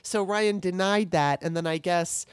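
A woman hosting her podcast alone, upset and tearful, talking candidly with frequent swearing and halting restarts. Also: fairly low pitch, clear, resonant tone, no room sound, clean studio sound. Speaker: podcast host. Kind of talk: emotional solo podcast monologue.

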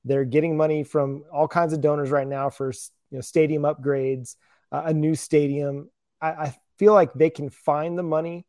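A man's voice: on the high side, fairly even intonation, normal speed, a little mellow, no echo, clean studio sound. A man as a guest on a sports podcast, talking casually and hesitantly, often correcting himself.

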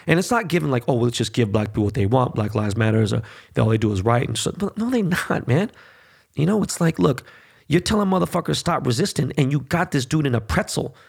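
A man's voice: mid-range voice, creaky, breathy edge. A man hosting a podcast, talking bluntly and profanely in a heated, casual monologue. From United States. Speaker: podcast host.

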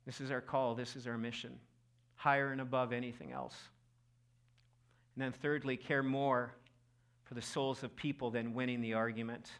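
A middle-aged male pastor preaching a sermon in a church, impassioned, who acts out quotes loudly. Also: mid-range voice, little pitch movement, moderate pace, pauses often. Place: church auditorium.

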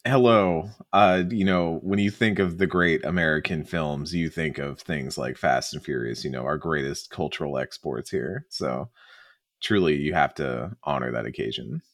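A man co-hosting a podcast, chatting casually with dry, deadpan humor. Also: rumbling low, moderate pace, no room sound. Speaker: podcast co-host. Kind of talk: casual chat.

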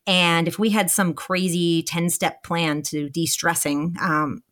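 A woman in her thirties co-hosting a podcast, talking in a calm, reflective way with many fillers and restarts. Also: fairly low pitch, slow. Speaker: podcast co-host. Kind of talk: casual podcast chat.

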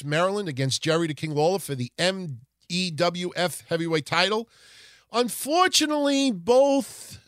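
A man hosting a casual wrestling history podcast, rambling through old results in a profane, animated way. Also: fairly high pitch, no echo, studio quality. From Italian heritage. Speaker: podcast host.

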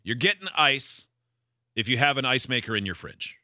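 A man's voice: mid-range voice, expressive, normal speed, pushed and bright, no room sound, clean studio sound. A man hosting a radio talk show, joking and reading listener texts in casual chat. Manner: jokey, leads the discussion and reads listener texts.

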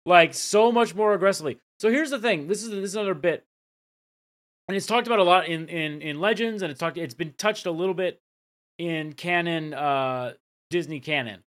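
A man's voice: fairly high pitch, moderate pace, a bit bright. A man co-hosting a podcast, casually recapping scenes and dropping the odd swear. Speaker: podcast co-host.

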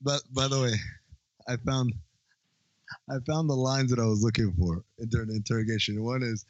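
A man co-hosting a podcast in casual chat, animated and joking, swearing offhandedly. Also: mid-range voice, a little fast, no echo, lo-fi sound. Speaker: podcast co-host.

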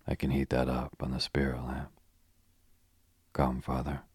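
A man voicing a stern, thrifty older woman with a deep, disapproving voice. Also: completely flat delivery, unhurried, darkish tone, breathy edge, no room sound, heavily acted. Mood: haughty. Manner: disapproving, haughty.

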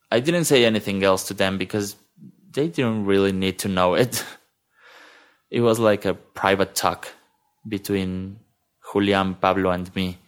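Slow-spoken man. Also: sits low, clear, resonant tone. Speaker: storyteller. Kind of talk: personal storytelling.

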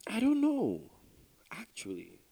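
A man from Nigeria with a Nigerian accent, a musician guest talking casually in an interview, relaxed and rambling with many fillers and restarts. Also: very high voice, takes it slowly.

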